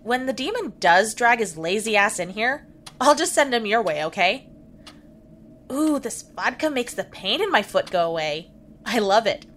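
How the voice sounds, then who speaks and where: A woman's voice: a little high, big pitch swings, normal speed, fairly bright tone, slight background noise. A woman playing a blunt, crude, sarcastic young woman in an audio drama.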